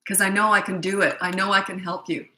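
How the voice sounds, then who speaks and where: A woman's voice: medium pitch, level tone, fast talker, pushed and bright, echoey room, poor audio. A middle-aged woman coaching parents in a casual Q&A, blunt, emphatic and repetitive. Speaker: parenting coach answering viewer questions. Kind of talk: casual live Q&A.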